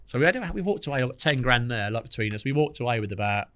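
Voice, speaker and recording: A man, a podcast guest telling lively stories in casual chat, acting out what others said. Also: medium pitch, clear, resonant tone, dry recording, studio quality. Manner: fast, animated storytelling with quoted dialogue.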